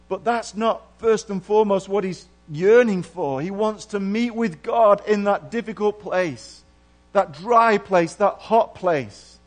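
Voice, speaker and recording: Earnest preacher, high-pitched man. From England. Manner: earnest, with big swings between hushed and emphatic. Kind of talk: sermon.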